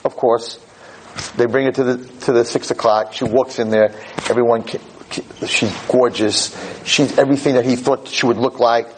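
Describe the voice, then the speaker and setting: A man teaching a Torah lesson through animated storytelling, repeating phrases for emphasis. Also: mid-range voice, moderate pace, slight background noise, rough recording.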